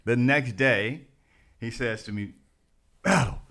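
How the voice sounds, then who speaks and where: A man's voice: medium pitch, slow. A man co-hosting a casual podcast who makes his points with emphasis and speaks straight to the listeners. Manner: emphatic, addresses listeners as ladies and gentlemen. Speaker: podcast co-host.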